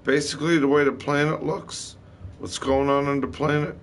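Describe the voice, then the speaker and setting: A man's voice: fairly high pitch, level tone, moderate pace, a little hiss or hum. A man talking in a rambling, wandering monologue, swearing often as he tells his story.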